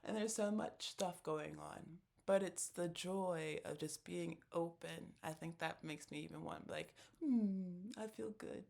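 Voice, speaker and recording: A video creator in a casual, reflective monologue, speaking at an ordinary middle pitch with a lot of vocal fry. The talk rambles and restarts, and it stays earnest and openly emotional. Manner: rambling, with many fillers and self-corrections.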